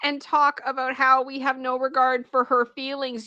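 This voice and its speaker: Streaming a first-time read-aloud of a story, a woman keeps interrupting the passages with animated, exclamatory reactions. Her high-pitched voice is bright and forceful, moving at a normal speed with few pauses. The audio is dry and close-miked.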